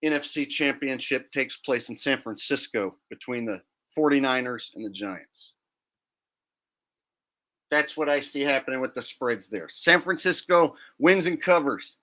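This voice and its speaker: A man's voice: medium pitch, a bit bright. A man hosting a livestream, talking in a blunt, defiant and profane way. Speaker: livestream host. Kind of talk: casual livestream rant.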